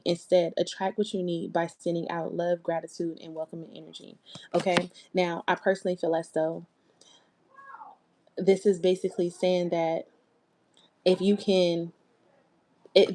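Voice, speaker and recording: A woman's voice: fairly low pitch, mellow. Chatty woman reading tarot cards. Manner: chatty, emphatic, talks straight to viewers. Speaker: tarot reader. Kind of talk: casual tarot reading livestream.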